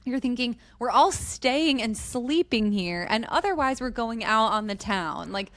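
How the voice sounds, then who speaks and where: A woman's voice: a little high, lively intonation, a little slow, fairly bright tone, dry recording. Young woman co-host in casual chat, agreeing with lots of "yeah," recorded dry and close. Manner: supportive listener, frequent "yeah", retells the story back. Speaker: podcast co-host.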